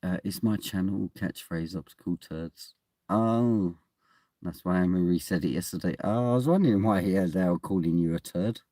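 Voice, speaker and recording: A man's voice: deep voice, moderate pace, warm tone, no echo, clean studio sound. A man chatting casually to his phone camera from inside a parked car at night, in a wry, mumbling way. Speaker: vlogger.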